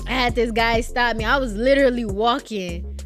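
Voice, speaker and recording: A young woman in her twenties, a guest in casual chat, telling animated stories with laughter and swearing. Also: on the high side, normal speed, faint music behind.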